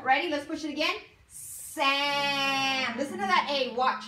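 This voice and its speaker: A woman teaches a phonics lesson to a class, stretching out each sound and prompting the children with questions. Her voice is high and bright. It is recorded from a distance in a roomy classroom with faint background noise. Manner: drawn-out sounding of letters, coaxing questions.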